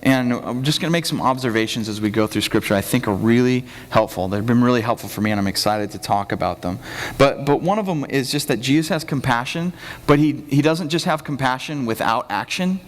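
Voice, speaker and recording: A man's voice: mid-range voice, lively intonation, brisk. A man preaching a conversational sermon as the pastor of a church, telling the story casually and acting out the quotes. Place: church sanctuary. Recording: reverberant church hall.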